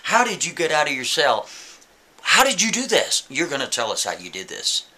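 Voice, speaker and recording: A man's voice: on the low side, lively intonation, a little fast, bright, forceful tone, exaggerated voice. A man doing pushy, coaxing police officers. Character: frustrated male and female police officers.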